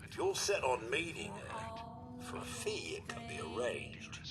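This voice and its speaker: A rude robot barman from a video game who speaks with a British accent. His voice is gruff and slangy and swings widely in pitch. Loud game music sits behind him. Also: huge pitch swings, a little slow, heavily acted. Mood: sneering.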